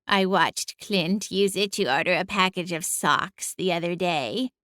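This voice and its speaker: A woman's voice: fairly low pitch, measured pace, fairly bright tone, dry recording, studio quality. A woman voicing a smug, sassy female cat familiar in an audiobook, with a drawling, sing-song, condescending delivery. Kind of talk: audiobook character voice.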